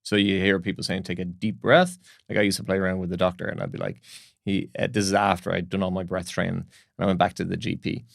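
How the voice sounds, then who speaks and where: Guy breath coach on a podcast, gravelly low voice, calm teachy tone, dry close sound. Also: fast talker, no room sound. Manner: calm, instructive, tells anecdotes. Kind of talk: explanatory interview talk.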